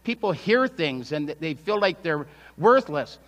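A pastor preaches in a conversational way, often turning to rhetorical questions. His voice sits somewhat high for a man. The sound carries a long reverb from the church hall. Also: very animated, a little slow, a bit bright. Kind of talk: sermon. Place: church sanctuary.

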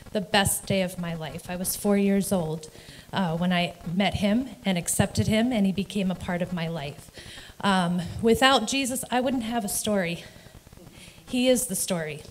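A woman's voice: medium pitch, slight background noise, poor audio. Woman, middle-aged, from New Jersey, emotional testimony, nervous laughs, church service. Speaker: church member giving testimony. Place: church sanctuary.

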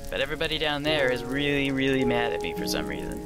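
A man's voice: mid-range voice, sing-song, fast. Young man commentating his own gameplay. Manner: self-deprecating, thinking aloud while playing. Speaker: let's play host. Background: game music.

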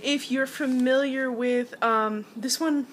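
A woman's voice: sits high, steady tone, slow pace, slight background noise. A woman beauty vlogger giving a casual, chatty product review and talking straight to her viewers. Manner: chatty, addresses viewers as guys.

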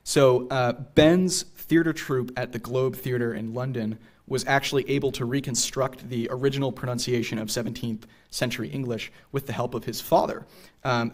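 A man giving a public history lecture in a theater, hesitant, with frequent fillers. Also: medium pitch. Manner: hesitant, many fillers and throat clearing.

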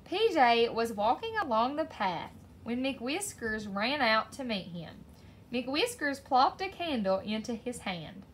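A woman reads a children's story aloud, her high voice rising and falling in a lively sing-song. She takes her time, pacing each sentence slowly and expressively. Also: slight background noise. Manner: slow, expressive read-aloud with lively pitch. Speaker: story reader.

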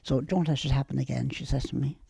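An elderly Irish woman with a Dublin accent, telling stories from her youth to an interviewer in a lively, plain-spoken way. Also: extremely low pitch, quick pace, vocal fry, husky, no room sound. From Ireland. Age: older. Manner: lively and plain-spoken, acting out old conversations. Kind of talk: storytelling reminiscence.

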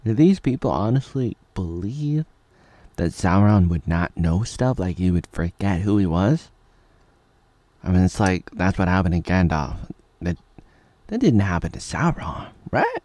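A man's voice: low voice, sing-song, unhurried, a little mellow, no echo. A man in his thirties from the United States, rambling jokily through casual reaction commentary. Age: 30s. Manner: rambling, jokey, jumps into silly voices.

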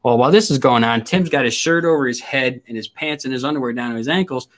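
A man's voice: mid-range voice, quick pace. Crude, laughing man telling stories. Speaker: host. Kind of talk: casual storytelling chat.

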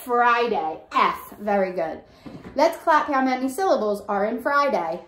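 A young woman teaching a preschool circle time lesson, with slow, sing-song, coaxing teacher talk and songs. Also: a little high, animated, a bit bright. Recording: echoey room with faint noise.

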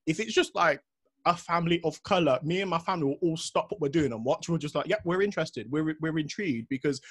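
A young man with a husky, somewhat high voice hosts a casual podcast discussion. He talks with passion and tells his stories in an animated way. The sound is dry and close. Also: quick pace, no room sound. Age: young adult. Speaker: podcast host.

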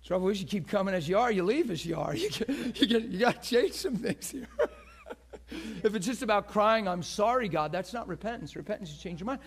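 High-voiced man preaching with fierce swings. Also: sing-song, brisk, creaky, husky. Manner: swings from loud shouting peaks to hushed near-whisper; acts out quoted crowd voices with gasps. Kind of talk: passionate sermon.

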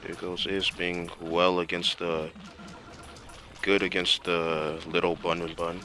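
A man's voice: deep voice, flat delivery, takes it slowly, background noise. A young man giving casual gameplay commentary, talking to himself in slangy speech with lots of fillers. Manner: talks to himself while playing, slangy, with many fillers.

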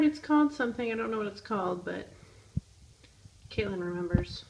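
A woman's voice: medium pitch, animated, fairly quick, long pauses. A woman vlogging casually to her camera, chatty and giggly, talking to her dog. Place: indoors then outdoors in heavy rain. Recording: muffled with background noise.

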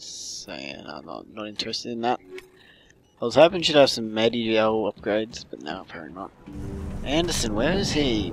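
A man gives loose, casual commentary while he plays a game. He rambles, swears and jokes to himself, his pitch moving a lot, over faint game music. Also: creaky. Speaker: gamer playing through a story game.

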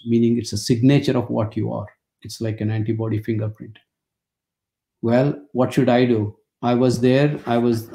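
Older man, warm gravelly lecturer, dry anecdotal humor, webinar call mic. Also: mid-range voice. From India. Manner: anecdotal, wry storytelling with dry jokes.

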